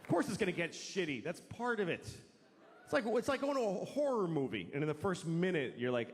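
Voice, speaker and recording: Animated, profane stand-up comedian man. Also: sits high, fairly quick. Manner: profane, acts out quoted voices. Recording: long hall reverb, faint noise.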